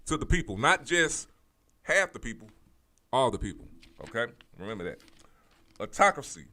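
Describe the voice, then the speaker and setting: A man's voice: fairly high pitch, huge pitch swings, moderate pace, long pauses, pushed and bright. A man hosting a political commentary show, talking straight to his audience in a fired-up, preachy way, repeating his points, swearing casually and restarting his sentences often. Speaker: show host.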